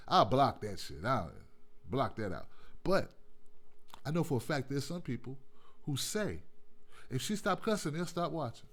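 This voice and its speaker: A man hosting a call-in show, talking in an animated, rambling, profane monologue, often laughing. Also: fairly high pitch. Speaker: host.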